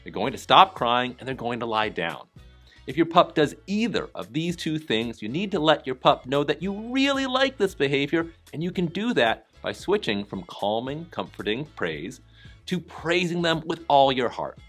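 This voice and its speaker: Male voice-over for a training video: calm and encouraging, lively in pitch, soft music underneath. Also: normal speed. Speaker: dog trainer narrating a lesson. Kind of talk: scripted voice-over narration.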